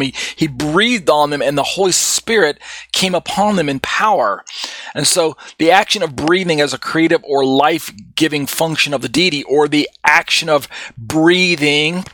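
A man's voice: a little high, a bit bright. A man giving an unscripted theology lecture, rambling with many restarts and fillers. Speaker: Bible teacher.

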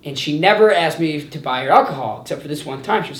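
A man's voice: on the high side, fast talker. A young man in his twenties hosting a casual podcast chat, telling stories animatedly and acting out quotes. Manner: animated storyteller, acts out quotes with laughs. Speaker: podcast host. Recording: roomy echo.

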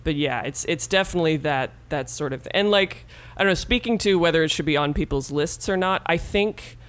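A woman's voice: low voice, fairly quick. A woman co-hosting a casual movie podcast, chatty and full of quoted asides.

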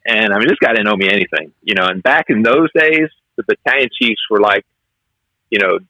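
A man talks through his fire-service stories in an animated, storytelling way, slipping into the voices of the people he quotes. His voice is bright and forceful, and the sound is dry and close with no room around it. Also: fairly low pitch, brisk, no room sound, low-quality recording. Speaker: fire officer guest. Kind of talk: conversational storytelling interview.

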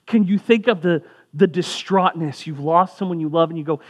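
A man's voice: on the high side, a little fast, hardly any pauses. A man preaching as a pastor, talking in a conversational way with asides, his voice rising for emphasis. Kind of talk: sermon.

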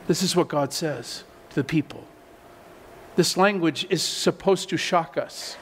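Guy preaching in a church, kinda high voice, repeats himself a lot when he leans into a point, long echo. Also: unhurried. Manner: conversational, repeats words when emphasizing. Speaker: pastor. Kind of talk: sermon.

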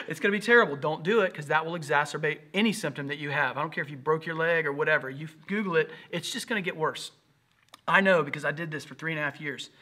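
A male pastor in his thirties preaches with earnest, animated energy. His voice sits a bit high and rings bright and forceful as he tells his story. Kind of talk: sermon.

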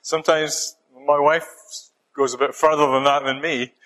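A middle-aged man with a Scottish accent preaching a sermon, gentle and halting, with many fillers and restarts. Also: on the high side, steady tone, rough recording.

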